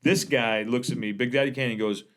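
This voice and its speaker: A middle-aged man from the area, a podcast guest telling animated, profane stories and acting out the dialogue. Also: medium pitch, a little fast. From Boston area, USA. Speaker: podcast guest, former rapper. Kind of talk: casual podcast storytelling.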